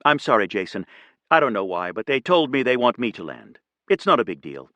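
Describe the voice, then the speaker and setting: A man voicing a steady female airline captain with military past, speaking quietly, kindly and firmly. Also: mid-range voice, brisk, no echo, muffled recording. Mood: calm. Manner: quiet, kind and firm.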